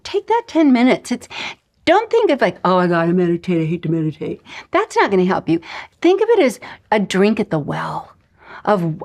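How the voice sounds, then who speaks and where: A woman teaching a spiritual lesson in an emphatic, coaching way, sometimes dropping into breathy whispers. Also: mid-range voice. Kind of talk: recorded lesson.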